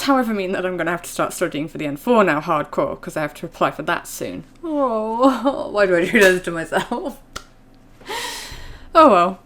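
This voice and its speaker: A woman chatting casually to her viewers in a vlog, rambling with plenty of fillers. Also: lowish voice. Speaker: vlogger.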